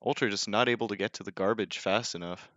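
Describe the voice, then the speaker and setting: Relaxed, joking young male game caster. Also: lowish voice, fast, no room sound, muffled recording. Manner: casual, joking, self-deprecating, with many fillers. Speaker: esports caster. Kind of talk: live game commentary.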